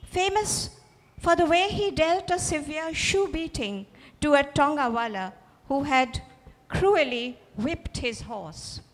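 A woman reading her own fiction aloud at a literary festival, expressive and speaking directly to the audience. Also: sits high. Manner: expressive, storytelling, addresses audience. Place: festival auditorium. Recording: reverberant hall.

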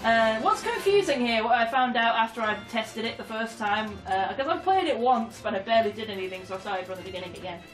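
A woman giving excitable, giggly let's-play commentary, often shouting at the game. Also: on the high side, brisk, hardly any pauses. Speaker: gamer. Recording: echoey room, distant mic, game music.

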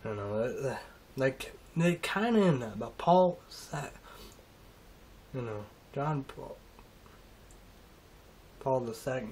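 A man's voice: medium pitch, a little mellow. Rambling man vlogging with faint hiss. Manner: rambling, halting, emotional asides, swearing. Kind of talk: rambling casual monologue.

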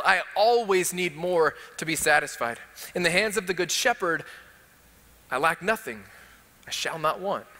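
A male pastor with a Texan accent preaches with passion, stacking one rhetorical question on another. His voice sits high and rings bright. The church hall around him carries a long reverb. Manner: impassioned, building rhetorical questions. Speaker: teaching pastor. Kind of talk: sermon. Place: church sanctuary.

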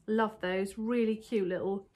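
A woman's voice: medium pitch, steady tone, a little slow, a little mellow. A woman chatting casually to viewers at home as she shows off a haul, rambling and interrupting herself. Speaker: vlogger showing a haul. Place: home, indoors. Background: faint dog snoring.

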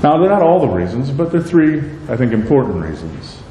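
Man preaching a sermon, lively pitch, mellow tone, roomy church reverb, faint hiss. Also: brisk. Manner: animated, acts out prayers and quotes in a raised voice. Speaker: pastor. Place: church sanctuary. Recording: echoey church hall, faint noise.

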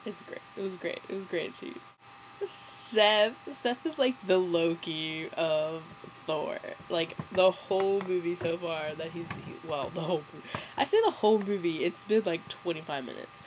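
A young woman talks through a movie review in a loose, rambling way, sarcastic and quick to giggle. Her voice sits a little low for a woman. There is a faint noise underneath. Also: rough recording. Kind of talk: casual movie commentary.

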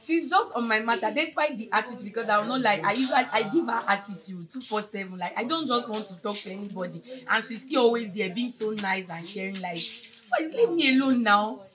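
A young woman with a Nigerian accent gives an earnest, rambling farewell tribute at a fellowship gathering, laughing between phrases. Her medium-pitched voice is fast with hardly any pauses, and a noisy crowd surrounds her.

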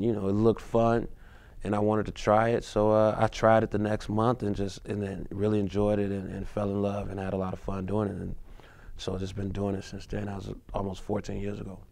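A man's voice: on the low side, a little mellow. A man in his thirties, a comedian as a guest in a casual interview, talking in a laid-back, rambling way with restarts.

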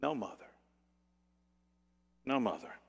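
A man's voice: a little high, animated, unhurried, sharp tone. A man voicing a sincere young boy who answers his mother in a sermon story. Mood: soft, earnest. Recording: long church reverb.

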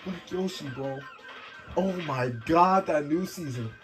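A young man, the son in a family game tournament, loudly mocking and heckling his father. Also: a little high, soft background music. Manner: loud, mocking, quick to heckle. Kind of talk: casual trash-talk over gameplay.

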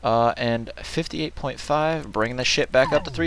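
A man's voice: mid-range voice, moderate pace, fairly bright tone, slight background noise. A man giving casual gameplay commentary, muttering, joking and swearing, with game music behind him. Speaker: let's play host.

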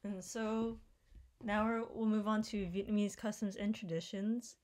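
A woman presenting as a student, reading prepared lines in a measured way. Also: medium pitch, steady tone, darkish tone.

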